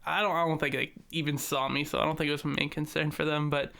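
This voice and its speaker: A young man co-hosting a casual podcast. His voice sits a little on the high side for a man. He rambles through stories in a relaxed way, leaning on fillers and easy swearing. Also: quick pace, gravelly. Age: young adult. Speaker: podcast co-host. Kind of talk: casual chat.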